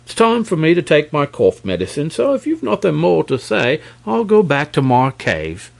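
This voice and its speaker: A man's voice: a little high, wildly swooping pitch, moderate pace, vocal fry, voice pushed up, full character voice. A man reading aloud and voicing a proud, fussy male dragon who speaks in a prim, reproachful, pompously polite way. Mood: indignant.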